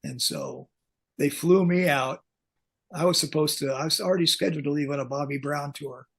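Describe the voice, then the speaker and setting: An older man, a concert pyrotechnics veteran, telling lively backstage stories as a podcast guest and acting out the lines he quotes. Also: on the high side, normal speed, husky. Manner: animated anecdotes, acts out quoted lines. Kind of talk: storytelling in a podcast interview.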